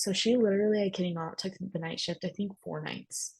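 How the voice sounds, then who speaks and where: A woman's voice: lowish voice, fairly even intonation, normal speed, vocal fry, few pauses, a little mellow, breathy edge, low-quality recording. A young woman telling her own story candidly in a casual way, with many fillers and bursts of speech. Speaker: guest sharing her story.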